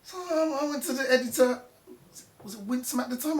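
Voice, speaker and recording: A man talks as a guest, recalling his years as a music journalist in a casual conversation. He tells it with animated passion. The room around him rings with echo. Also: very high-pitched, fairly quick.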